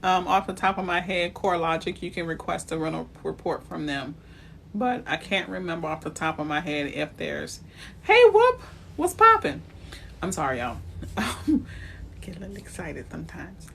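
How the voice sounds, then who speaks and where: Bright-voiced chatty woman realtor. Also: deep voice, fairly quick, vocal fry, a little hiss or hum. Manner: chatty and direct, greets viewers by name. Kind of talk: live-stream talk on building credit.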